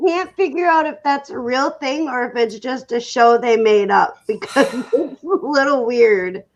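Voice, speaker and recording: A woman's voice: sits high, unhurried, dull audio. A woman on an online panel chat, giggly and a little hesitant, heard through a video call. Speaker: panel member. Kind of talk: casual chat.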